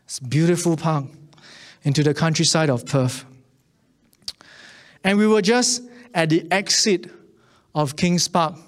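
A man preaching a sermon, telling a personal story with many restarts and repeated words, then building to an impassioned appeal to the congregation. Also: a little high. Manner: earnest, building to an impassioned altar call.

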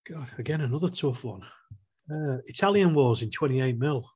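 A man's voice: mid-range voice, moderate pace, darkish tone. A middle-aged man co-hosting a podcast in casual chat, with dry humour and stumbling restarts.

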